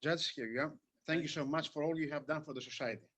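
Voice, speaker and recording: A man's voice: a little high, quick pace, a bit bright. A man, president of a society, presenting an award at a ceremony, hesitant and full of fillers.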